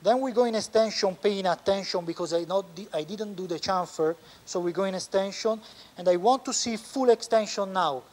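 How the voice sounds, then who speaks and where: High-voiced Italian surgeon teaching. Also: male voice. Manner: explains step by step, halting with frequent pauses. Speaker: orthopedic surgeon. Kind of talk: live surgical teaching demonstration. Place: operating room.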